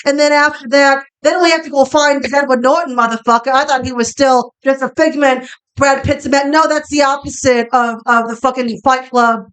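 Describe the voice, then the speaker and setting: A woman's voice: sits high, steady tone, fairly quick, fairly bright tone, poor audio. A woman voicing a brash, crude movie-star man with a put-on Boston accent, cursing constantly as she tells a story. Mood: crude rant. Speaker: comedian guest.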